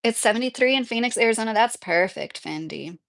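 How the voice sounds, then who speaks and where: A woman's voice: on the high side, animated, fairly quick, creaky, fairly bright tone. A woman hosting a casual livestream, chatting in a rambling way and answering viewers by name. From Kentucky. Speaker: livestream host reading viewer comments. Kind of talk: casual live-chat talk.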